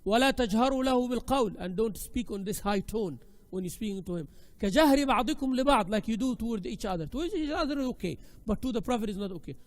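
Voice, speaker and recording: Male teacher, high-pitched and animated, talks casually with his class and acts out examples. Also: fast talker, few pauses. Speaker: Islamic studies teacher. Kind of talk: classroom lecture.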